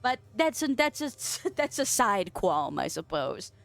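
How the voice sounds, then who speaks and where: A young woman streamer chatting casually with her viewers, playful and giggly, swearing freely and yelping in a squeaky voice. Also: very animated, slow, gravelly, a bit bright. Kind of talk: casual chat reading viewer messages. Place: home office.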